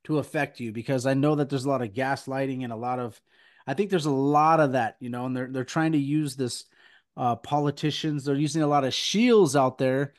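The host of a Christian podcast, a man with a medium-pitched, brisk voice, talks earnestly. His mix of casual podcast conversation and preaching rambles, loaded with filler words.

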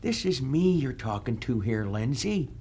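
A man's voice: mid-range voice, very animated, unhurried, darkish tone, slightly rough, exaggerated voice. A man playing the scornful, taunting ghost of an older male senator in a comedy audio sketch. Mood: scolding. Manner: taunting, sarcastic, scolding.

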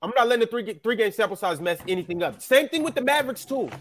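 A man co-hosting a sports podcast who defends his view quickly and with emphasis. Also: very high voice, expressive, a bit bright, slight background noise. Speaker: podcast co-host. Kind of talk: heated casual sports debate.

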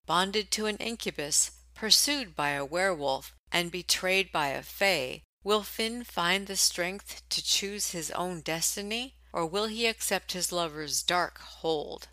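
A woman narrating book blurbs for an audiobook in a smooth, teasing promo manner. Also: fairly low pitch, measured pace, hardly any pauses, sharp tone, no echo, poor audio.

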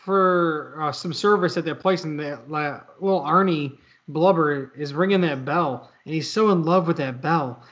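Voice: mid-range voice, normal speed, hardly any pauses, a bit bright, dull audio. A speaker casually recapping movie scenes, rambling with many fillers.

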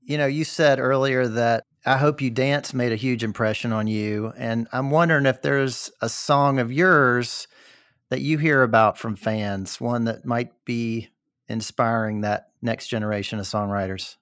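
A man's voice: mid-range voice, steady tone, measured pace, a bit bright, clean tone, dry recording, clean studio sound. Easygoing man hosting a podcast. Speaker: podcast host. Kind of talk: podcast interview and outro.

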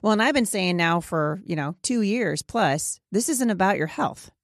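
A woman's voice: medium pitch, animated, normal speed, no echo. Emphatic woman interviewer, dry sound. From Pacific Northwest, USA. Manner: emphatic, opinionated, asks probing questions. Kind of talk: conversational interview.

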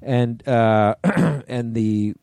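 A man's voice: mid-range voice, little pitch movement, very slow, dark tone, clear, resonant tone, no room sound. A middle-aged man co-hosting a podcast, telling rambling stories in casual chat, full of restarts and swearing. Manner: rambling storyteller with many restarts and profanity. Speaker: podcast co-host.

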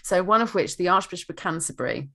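A woman with a fairly low voice co-hosts a casual history chat. She tells the story in a chatty way and drops quick asides as she goes. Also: animated, crowd noise. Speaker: podcast co-host.

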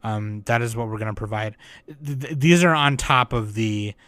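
A man's voice: fairly low pitch, moderate pace, a bit bright, no echo. Casual, emotional male podcast host. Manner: emotional, sensitive, many fillers and restarts.

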